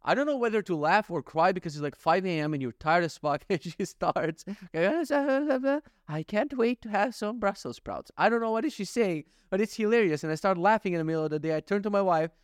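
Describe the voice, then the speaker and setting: A man hosts a casual solo podcast, rambling, joking, swearing freely, and acting out little scenes. His voice sits high and smooth, and he talks fast with few pauses, in clean studio sound with no echo.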